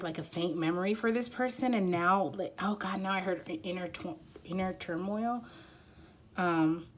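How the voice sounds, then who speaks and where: A woman giving an intuitive card reading, rambling and halting with many fillers and growing emotional as she talks. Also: mid-range voice, darkish tone. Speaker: tarot reader. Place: quiet room at home.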